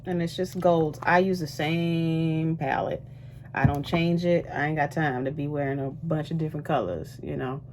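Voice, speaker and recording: A woman's voice: low voice, moderate pace, background noise. Chatty woman vlogging from a ship cabin. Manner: chatty, animated, lots of asides to viewers. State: out of breath. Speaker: cruise ship singer and vlogger. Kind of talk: casual vlog chat while doing makeup.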